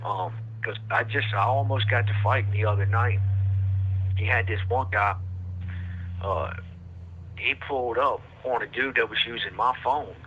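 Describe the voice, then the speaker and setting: A man's voice: medium pitch, normal speed, pauses often, a little hiss or hum. A man telling a rambling story with lots of fillers and street slang, recorded over a prison phone line. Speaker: podcast host telling his own story.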